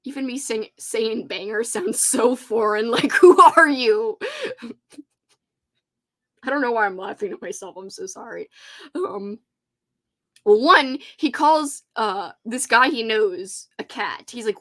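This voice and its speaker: Giggly chatty woman, slightly high voice. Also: animated, unhurried, fairly bright tone. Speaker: host. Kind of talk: casual livestream chat.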